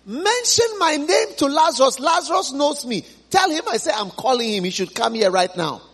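A man preacher voicing a desperate rich man who shouts and pleads from his torment. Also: very high voice, big pitch swings, moderate pace, exaggerated voice. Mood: demanding.

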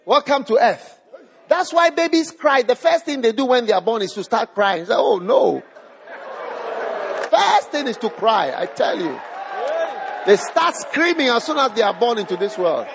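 A man's voice: extremely high pitch, big pitch swings, normal speed, background noise. A man preaching a live sermon to a congregation, emphatic, repeating his phrases and putting questions to the crowd. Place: church hall with a live congregation. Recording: long hall reverb.

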